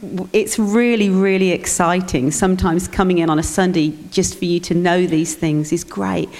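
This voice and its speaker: A woman's voice: fairly low pitch, fairly even intonation, moderate pace, darkish tone. A woman speaking earnestly to the congregation from the church stage. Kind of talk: onstage church talk.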